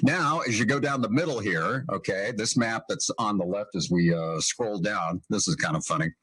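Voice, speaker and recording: Chuckling husky radio host. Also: male voice, fairly low pitch, normal speed, a bit bright, no echo, rough recording. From Northeast Indiana. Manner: amused, chuckling often while reading. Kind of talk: casual radio chat.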